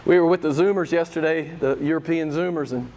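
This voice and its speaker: Fired-up male preacher, high voice. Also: steady tone, fairly quick, a little mellow. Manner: impassioned, emphatic, repeats phrases. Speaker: pastor. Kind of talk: sermon.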